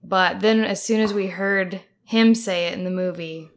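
A woman's voice: mid-range voice, steady tone, normal speed. A woman co-hosting a podcast, chatting casually in a dry, teasing way. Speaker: podcast co-host. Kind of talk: casual chat.

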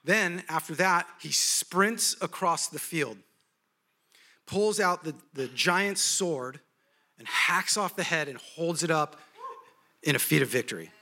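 A man preaching a sermon, telling a story in an animated, humorous way. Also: fairly high pitch, slow.

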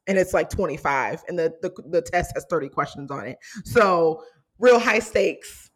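A young adult woman hosting a podcast in casual chat, animated and quick to laugh, with playful teasing. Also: medium pitch. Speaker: podcast host.

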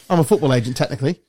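A man's voice: on the high side, warm tone, no room sound, studio quality. An English man hosting a podcast, telling anecdotes in casual chat, swearing freely and laughing often. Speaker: podcast host.

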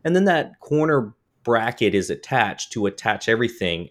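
低い声で話す男性. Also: male voice, fairly low pitch, very animated, normal speed. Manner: hesitant, many fillers and restarts. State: has the hiccups. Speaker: podcast co-host. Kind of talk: casual chat.

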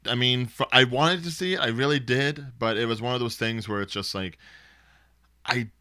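A man's voice: medium pitch, moderate pace, no room sound, studio quality. An American man co-hosting a podcast, chatting casually about movies with lots of fillers. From United States. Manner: relaxed, rambling with many fillers. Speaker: podcast co-host.

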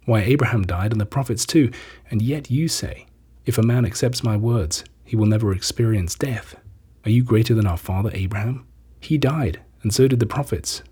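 A group of indignant men firing back challenges, as a male reader puts them on. The voice is a touch higher than his narration, still mellow and very husky. The tone stays combative and incredulous. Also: normal speed. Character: a crowd of arguing men, indignant. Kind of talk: scripture reading.

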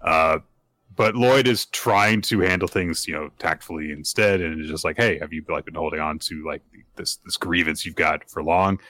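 A man co-hosting a casual podcast chat, recapping comic chapters and acting out the characters' lines in quick put-on voices. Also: sits low, sharp tone. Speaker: podcast co-host recapping manga.

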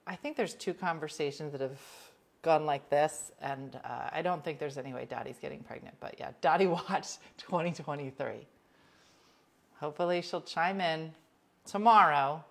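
A woman with a slightly low voice hosts a casual livestream, reading out viewer comments and answering each person by name. She talks bluntly and with a joking edge, jumping from loud outbursts to quiet asides. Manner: chatty, blunt, jokey, addresses viewers by name.

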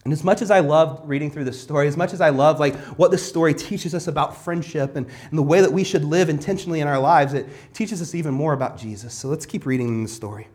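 A man's voice: a little high, fast talker, few pauses, darkish tone. A man preaching a sermon as pastor, earnest, asking the listeners one rhetorical question after another and often restarting his phrases.

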